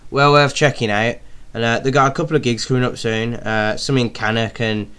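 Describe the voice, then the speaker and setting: A young man from Birmingham co-hosts a casual radio podcast. He talks in a loose, easygoing way, full of fillers and restarts, at an ordinary pitch. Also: steady tone, brisk, fairly bright tone, clean tone. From Birmingham, England. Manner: chatty, loose, with frequent fillers. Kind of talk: casual chat.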